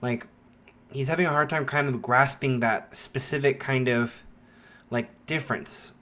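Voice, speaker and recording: A man's voice: mid-range voice, fairly even intonation, a little slow, pushed and bright. A man narrating a fan story in a rambling, casual way, full of filler likes.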